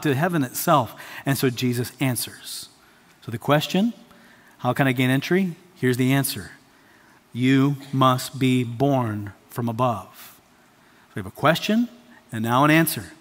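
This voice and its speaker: A man's voice: medium pitch, animated, moderate pace, in a large hall. A man preaching a sermon as pastor, emphatic and repeating his key phrases. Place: church sanctuary.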